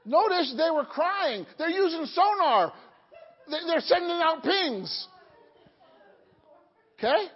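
A woman's voice: very high-pitched, lively intonation, takes it slowly, pauses often. A woman preaching a sermon, quizzing the congregation with questions and dropping joking asides. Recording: dull lo-fi hall recording.

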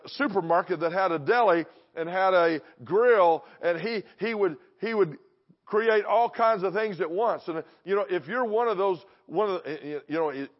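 High-voiced man preaching a sermon. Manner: emphatic, repeats phrases, asks the crowd questions. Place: church in front of a congregation. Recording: dull lo-fi recording.

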